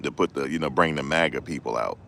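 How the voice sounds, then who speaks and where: A man with an extremely deep, low voice talks loosely to his live-stream viewers. His delivery is laid-back and repetitive, full of street slang, like a rideshare driver chatting between rides. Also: quick pace, vocal fry, pushed and bright, slight background noise. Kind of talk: casual live-stream chat.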